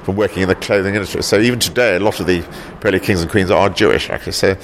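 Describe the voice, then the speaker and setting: His voice sits low and his tone stays steady, with slight hiss or hum on the recording. The speaker, a South African-born man who founded a local heritage group, answers interview questions haltingly, repeating words and often ending with "actually".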